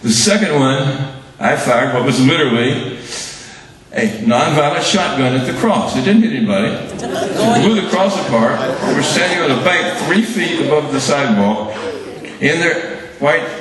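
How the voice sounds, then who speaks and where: A man, giving an award speech and telling his story haltingly, with dry humor. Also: fairly high pitch, expressive, crowd noise. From Birmingham, Alabama. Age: 70s. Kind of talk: reminiscing speech to an audience. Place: large hall at an awards event. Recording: very echoey hall, mic far off.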